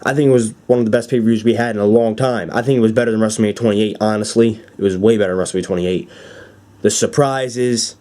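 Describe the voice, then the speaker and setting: Mellow-voiced young man rambling excitedly. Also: fairly low pitch, quick pace. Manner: excited, rambling, many fillers and restarts. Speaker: wrestling fan vlogger. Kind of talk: casual rambling recap.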